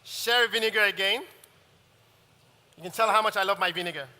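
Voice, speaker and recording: High bright-voiced chef in a hall. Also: male voice. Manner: relaxed, halting, explains as he cooks. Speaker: chef teaching a masterclass. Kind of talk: live cooking demonstration. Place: event hall with audience. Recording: long reverb of a large hall.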